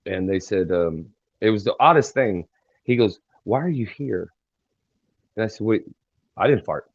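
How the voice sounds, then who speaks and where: A man telling a long personal story in a halting, rambling way as an interview guest. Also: on the low side, expressive, dry recording. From Texas. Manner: rambling, halting, many fillers and restarts. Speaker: guest singer-songwriter. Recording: dry, dull lo-fi sound.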